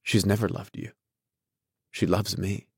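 An earnest, polite man speaks with quiet intensity in a low voice, as a male reader plays him. The sound is dry and close. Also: steady tone, a little slow, creaky, slightly rough, no room sound, heavily acted. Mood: insistent.

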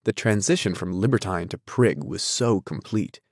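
A man narrating a novel in a measured, steady reading voice. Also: low-pitched, dry recording, studio quality. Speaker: audiobook narrator.

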